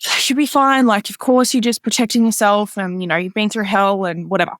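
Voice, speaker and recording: A woman's voice: fairly even intonation, brisk, a bit bright, dry recording, clean studio sound. A woman guest in casual conversation, telling a personal story with many "like" fillers and quoting others in a lifted voice. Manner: acts out others' lines in a higher voice. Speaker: podcast guest.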